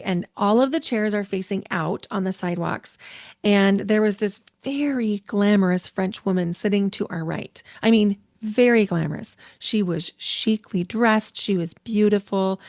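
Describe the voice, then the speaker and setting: A middle-aged woman hosting a solo podcast, chatty and quick to poke fun at herself. Her voice sits at an ordinary middle pitch, recorded close and dry with no room sound. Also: no room sound. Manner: chatty, self-deprecating, laughs at herself. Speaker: podcast host.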